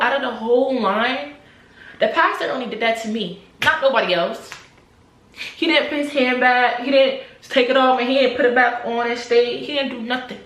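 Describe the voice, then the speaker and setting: A young adult woman talks straight to camera in a loose, animated vlog style. She repeats herself for emphasis and at times drops almost to a whisper. Her slightly high voice rings in a reverberant room with a faint hiss behind it. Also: moderate pace. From New Jersey, USA. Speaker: vlogger. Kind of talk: casual storytelling to camera.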